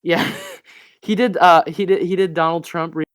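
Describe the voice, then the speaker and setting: A man co-hosting a podcast over a remote call, excitable and quick to laugh, swearing freely. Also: a little high, clear, resonant tone, no echo, studio quality. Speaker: podcast co-host. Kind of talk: casual chat.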